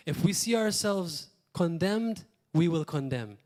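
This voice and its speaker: A man from Malta preaches with earnest conviction, his voice sitting fairly high for a man. He swings between loud, emphatic lines and hushed asides, often pausing to ask his listeners a rhetorical question. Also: expressive. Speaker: pastor. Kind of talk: sermon. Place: church.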